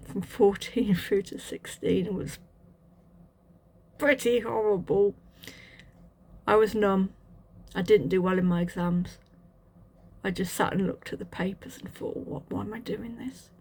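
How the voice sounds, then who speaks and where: A woman telling her personal testimony in a halting, reflective way, with restarts and fillers. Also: mid-range voice. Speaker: channel host sharing a testimony.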